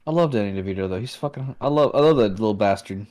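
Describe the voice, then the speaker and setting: Easygoing low-voiced man chatting. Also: animated, fast, a little mellow. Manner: easygoing, hedging with fillers. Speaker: podcast co-host. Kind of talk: casual chat.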